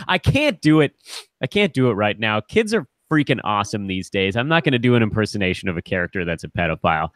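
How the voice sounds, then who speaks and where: A man co-hosting a live podcast in casual chat, animated and quick to laugh. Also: on the low side, dry recording, clean studio sound. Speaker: podcast co-host.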